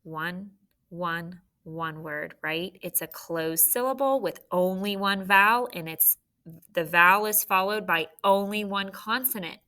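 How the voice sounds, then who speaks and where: A woman's voice: medium pitch, fairly even intonation, unhurried, bright, forceful tone. A woman teacher leading a spelling lesson, sounding out words letter by letter.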